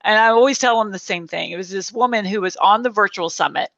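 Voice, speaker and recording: A woman hosting a casual interview chat, an animated storyteller who acts out what people said. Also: medium pitch, fast, vocal fry, no room sound, muffled recording. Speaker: host.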